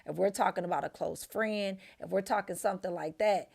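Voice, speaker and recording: Gravelly-voiced woman podcast host. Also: fairly quick. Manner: animated storytelling, acts out quotes with big pitch jumps. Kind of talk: casual faith-based chat.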